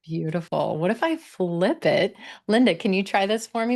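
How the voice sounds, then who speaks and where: A woman teaching English pronunciation on a video call, encouraging learners and modeling words slowly. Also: mid-range voice, animated, darkish tone. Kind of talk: online English class coaching.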